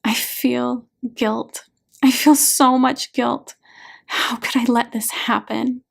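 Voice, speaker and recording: Woman doing a distraught woman in her forties, sobbing broken words, higher voice. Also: fairly even intonation, slow pace, vocal fry, exaggerated voice. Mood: whispered sorrow. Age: 40s. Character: anguished woman reliving teen trauma, sobbing.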